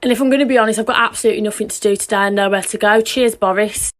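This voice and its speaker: A woman's voice: medium pitch, steady tone, very fast. A woman chatting through a makeup vlog, cheeky and self-mocking.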